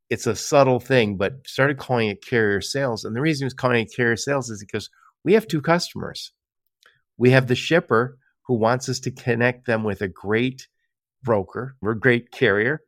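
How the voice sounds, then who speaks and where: A man's voice: mid-range voice, fairly bright tone, dry recording, studio quality. A man hosting a casual podcast conversation, telling stories and acting out quoted exchanges with frequent laughs. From Michigan. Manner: chatty storyteller, acts out quoted exchanges, laughs often. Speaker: podcast host.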